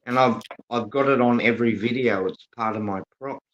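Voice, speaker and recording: A man's voice: mid-range voice, brisk, fairly bright tone. Australian man on a dull, lo-fi line. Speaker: coin channel host, guest on stream. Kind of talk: casual chat. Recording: dull lo-fi sound.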